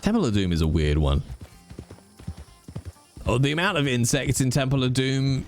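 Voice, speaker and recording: A man streaming a game, chatting casually, animated and swearing freely as he rants. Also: mid-range voice, normal speed, faint music behind.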